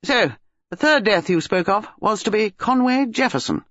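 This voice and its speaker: A man reading an audiobook, voicing a poised, assured upper-class gentleman who speaks crisply. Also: high-pitched, lively intonation, moderate pace, no room sound, muffled recording, voice pushed up.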